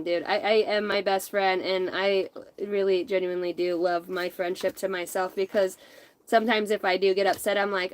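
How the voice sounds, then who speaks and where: A woman's voice: mid-range voice, flat delivery, brisk, no room sound, poor audio. A middle-aged woman giving a casual spiritual tarot reading, rambling, blunt and profane, often breaking into laughter. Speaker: intuitive tarot reader.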